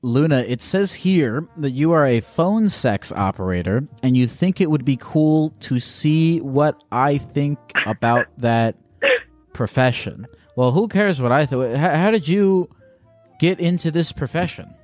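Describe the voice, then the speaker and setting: A man's voice: a little high, animated, measured pace, a little mellow, no echo, faint music behind. A man hosting a casual interview, asking curious questions that often stumble and restart. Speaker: host.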